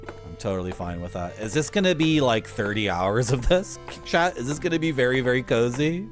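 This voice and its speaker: A man's voice: medium pitch, expressive, brisk, music in the background. A man streaming a video game and chatting casually, with wry asides to his viewers. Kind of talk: casual gameplay commentary.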